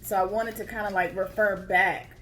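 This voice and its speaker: A woman vlogger casually telling her own story to viewers in a chatty, expressive way, calling them y'all. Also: mid-range voice, moderate pace, faint music behind.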